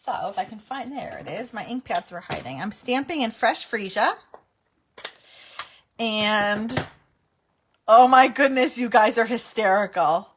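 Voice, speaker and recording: A middle-aged woman hosts a live crafting stream, narrating each step in a chatty, giggly way. Her voice sits a little high for a woman, and she keeps talking to viewers as she works. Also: animated, measured pace, long pauses, fairly bright tone, a little hiss or hum. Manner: chatty, giggly, breaks into helpless laughter. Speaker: card-making livestream host.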